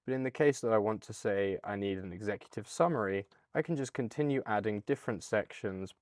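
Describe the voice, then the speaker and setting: A man's voice: on the low side, fairly quick, few pauses, no echo, studio quality. Chatty man with a British accent. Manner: upbeat, chatty, with fillers. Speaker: product demo host. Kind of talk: casual software walkthrough.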